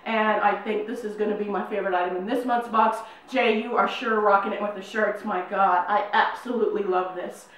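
A middle-aged woman hosts a casual horror unboxing vlog on YouTube from a room in her New Mexico home, gushing and bubbly with plenty of fillers. Her voice is medium in pitch and fairly bright, with fairly even intonation, a fairly quick pace and few pauses. The room is very echoey and the mic sits at a distance.

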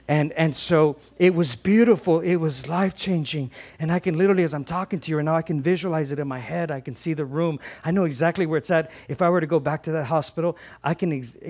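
A middle-aged man preaching a sermon as pastor, telling a personal story with passion, swinging from loud to hushed. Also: on the high side.

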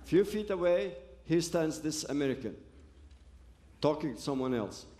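A man's voice: on the high side, animated, normal speed, dark tone, roomy sound. Man telling his story. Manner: earnest storytelling with broken phrases and restarts. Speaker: speaker giving a personal testimony. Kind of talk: personal testimony to an audience.

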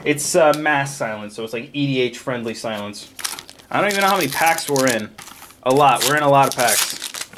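A man casually opening trading card packs on camera, excitably rattling off card names and cracking jokes. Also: mid-range voice, brisk, noisy background. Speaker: card pack opening vlogger. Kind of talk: casual card unboxing commentary.

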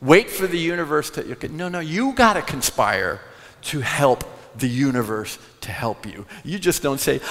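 Man, sales trainer on stage, lively swooping pitch, gravelly edge, echoing hall. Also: normal speed. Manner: animated storyteller who acts out quoted voices. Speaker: sales trainer giving a talk. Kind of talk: live conference talk. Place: large conference hall. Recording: long hall reverb.

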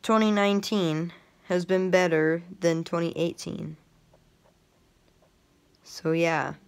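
A woman talking to camera in a casual vlog, thinking aloud in a rambling, unhurried way. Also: fairly low pitch, little pitch movement, gravelly, clean tone. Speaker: vlogger.

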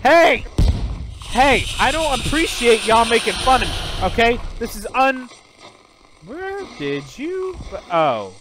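A man trash-talking other players in game voice chat, loud and profane, yelling taunts. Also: very high-pitched, big pitch swings, a little slow. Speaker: gamer streamer.

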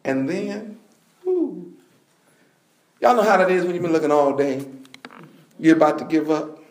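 A man preaching a sermon, telling a story with bursts of shouting and laughter. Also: a little high, lively intonation, unhurried, roomy sound.

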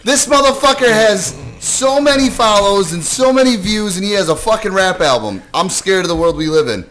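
A man co-hosting a podcast in casual, crude chat, animated and swearing between laughs. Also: sits high, normal speed, hardly any pauses, a little hiss or hum, poor audio. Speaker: podcast co-host.

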